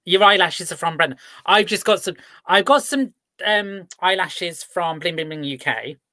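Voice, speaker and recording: Brief: male host, 40s, bright tense voice, giggly and chatty, reflective at times. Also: high-pitched, normal speed, no echo. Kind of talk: casual chat on a live feed.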